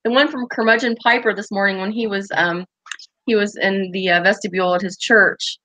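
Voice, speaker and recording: A woman hosts a relaxed livestream chat and reads out viewer comments as she goes. Her voice sits in a middle pitch and comes through close and dry, with no room sound. She talks loosely, with plenty of "um"s and restarts. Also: a little fast, dry recording. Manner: chatty and rambling, with frequent fillers and restarts. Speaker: host of a pipe-smoking chat stream.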